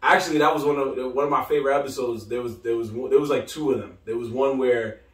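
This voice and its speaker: A man's voice: medium pitch, fast talker. A man co-hosting a podcast, telling stories with lots of laughter and acted-out voices. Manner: animated storyteller, acts out voices, laughs often. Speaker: podcast co-host. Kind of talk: casual chat. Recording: roomy echo, mic from a distance.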